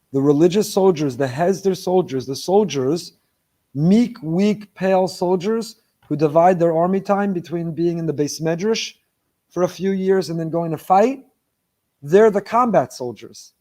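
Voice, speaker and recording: Impassioned high-voiced rabbi preaching. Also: male voice. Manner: impassioned, rising to near-shouted emphasis; quotes Hebrew verses in a chanting study cadence. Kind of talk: sermon.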